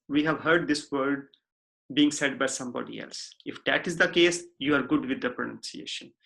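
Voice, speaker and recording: Gravelly, bright-voiced male lecturer. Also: a little high. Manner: deliberate, repeats himself, frequent "okay?" checks. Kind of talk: recorded lecture.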